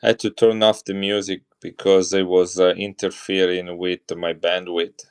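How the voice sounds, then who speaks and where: A deep-voiced middle-aged man with an Italian accent talks casually on a live stream. He chats with viewers and shows off coins as he goes. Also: level tone, moderate pace, clear, resonant tone. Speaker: coin seller on a live stream.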